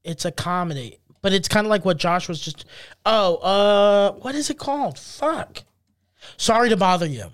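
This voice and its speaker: High-voiced rambling podcast guy. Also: expressive, moderate pace, clear, resonant tone. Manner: rambling, searches aloud for words with many fillers and curses. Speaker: podcast co-host. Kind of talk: casual chat.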